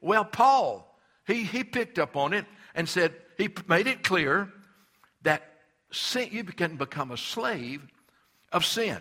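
An older male pastor delivers a fervent sermon. His voice sits a little high and rings bright. He stammers on restarts and leans hard into the words he wants to land. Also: sing-song, takes it slowly.

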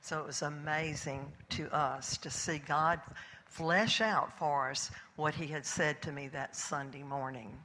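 A man's voice: a little high, steady tone, measured pace, pushed and bright, slight background noise. A man giving a grateful church testimony in a plain storytelling manner.

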